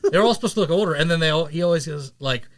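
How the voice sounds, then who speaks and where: A man in his thirties hosting a podcast, telling stories in a rambling, animated, casual way and swearing now and then. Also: on the high side, quick pace. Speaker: podcast host. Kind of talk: casual chat.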